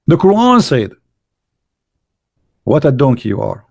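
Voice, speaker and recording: A man giving combative religious commentary while reading from texts, mocking and arguing, often pausing with fillers as he hunts for pages. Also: mid-range voice, very animated, vocal fry, darkish tone, no room sound, clean studio sound. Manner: mocking, insulting and argumentative; halting, with many fillers while searching pages.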